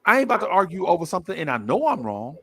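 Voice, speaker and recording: A man telling a story in a casual podcast chat, animated and acting out the voices of the people in it, often repeating himself for emphasis. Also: high-pitched, very fast, a little hiss or hum.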